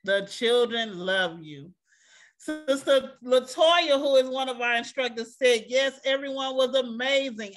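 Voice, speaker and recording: Emotional woman hosting an online assembly. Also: sits high. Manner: frequent religious praise phrases, thanking each person by name.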